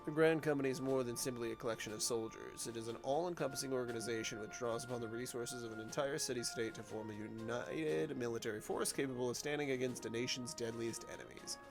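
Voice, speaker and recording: A man's voice: medium pitch, steady tone, fast, vocal fry, few pauses, close to an everyday voice. A man voicing a stern male naval recruiting officer, formal and over-pronounced, with game music behind.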